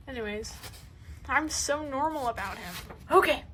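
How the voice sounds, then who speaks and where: An artist gives a casual tour of her sketchbook, gushing and rambling and often trailing off into mumbles. Her high, slightly bright voice moves at normal speed, on a rough recording with slight background noise.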